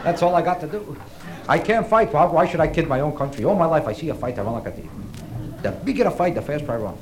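A man's voice: on the high side, big pitch swings, moderate pace, long pauses. A man doing a self-mocking stand-up routine on stage, rambling through his jokes before a live audience. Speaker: stand-up comedian. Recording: live stage recording with audience laughter and noise.

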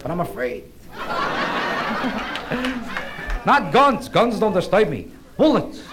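A male comedian works the room with a high, restless voice that swoops up and down as he rambles through self-mocking jokes. It is a live stage recording, with a laughing crowd and steady noise underneath. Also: drawn-out words, over loud music. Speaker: stand-up comedian. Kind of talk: stand-up comedy routine. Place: stage before a live audience.

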